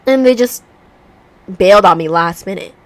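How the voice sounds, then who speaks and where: A woman's voice: mid-range voice, lively intonation, normal speed, dry recording. A woman vlogging at home, chatting casually while she works on a puzzle, rambling through stories with a congested voice. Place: room at home by a heater.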